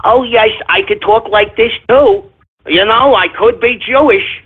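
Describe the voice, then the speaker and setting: A man's voice: sits high, a little slow, slightly rough. A man voicing a needling, kvetching man with a Yiddish-flavored lilt, heard over a tinny phone-like line. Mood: teasing.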